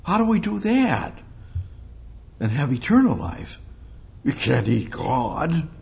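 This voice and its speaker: A man's voice: on the high side, wildly swooping pitch, slow pace, creaky, darkish tone. A man teaching a bible study sermon, reading verses aloud and then commenting on them with emphatic repetition. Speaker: preacher teaching scripture.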